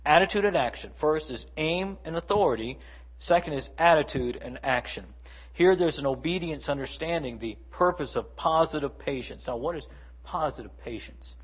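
A man's voice: on the high side, lively intonation, moderate pace, slightly rough, lo-fi sound. A man preaching a sermon in a conversational way, with asides and playful mimicry. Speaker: pastor.

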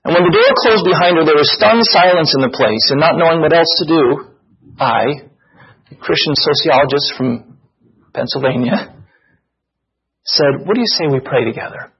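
Husky man telling a story. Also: fairly high pitch, normal speed, pauses often. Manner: animated, dramatic storytelling. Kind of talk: retelling a story from a book. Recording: dull lo-fi recording.

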